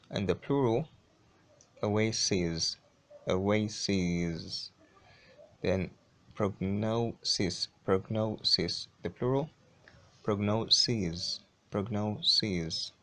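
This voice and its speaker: Slow, deliberate low-voiced male teacher. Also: a bit bright. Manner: slow, repeats each word several times. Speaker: English teacher. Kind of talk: pronunciation lesson.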